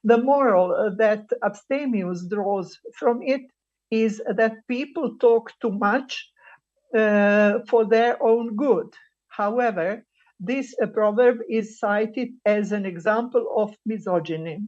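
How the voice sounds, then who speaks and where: Halting woman giving an academic talk. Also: mid-range voice, a little mellow, highs cut off. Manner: halting, many filler pauses while reading quotes. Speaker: conference speaker. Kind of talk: academic presentation. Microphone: video call.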